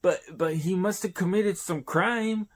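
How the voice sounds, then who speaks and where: A sly, groveling nobleman who begs for help in an overly humble tone and jumps at every scare, as a man reading a comic aloud puts him on. His voice sits higher and louder than a plain speaking voice and is delivered slowly. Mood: startled nervous. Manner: overly humble, pleading, then jumpy and frightened. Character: fawning scheming male lord, humble yet sly.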